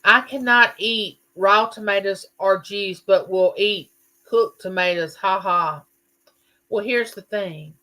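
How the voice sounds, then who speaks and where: Hosting a casual livestream, a middle-aged woman chats in a folksy way and reads out viewer comments. Her mid-range voice has a sharp tone and keeps a measured pace.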